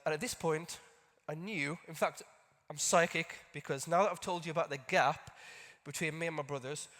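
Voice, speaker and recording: On a large conference hall stage, a man with a fairly high, fairly bright voice tells a personal story conversationally, tossing self-mocking asides to the audience. Long hall reverb colors the recording.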